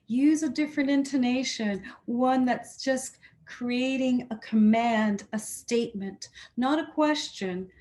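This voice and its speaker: A woman's voice: fairly high pitch, a little mellow. A woman leading a guided chakra healing meditation, speaking soothing affirmations for listeners to repeat. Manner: slow, soothing, affirming, leads repeat-after-me statements.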